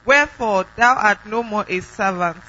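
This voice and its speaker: A man reading verses of scripture aloud in a slow, solemn manner. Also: sits high, sharp tone. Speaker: scripture reader. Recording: dull lo-fi recording from off-mic with hum.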